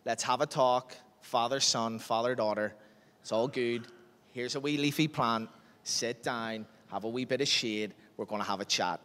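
A man voicing God as a gentle father who comforts a sulking prophet, speaking softly and low. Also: normal speed, in a large hall, natural voice.

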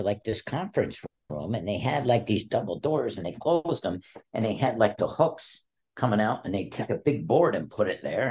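A man in his sixties, an interview guest telling a long story in a casual way, acting out what others said. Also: slightly rough. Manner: animated storyteller, acts out quotes with a raised pitch. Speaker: interview guest, former wrestler.

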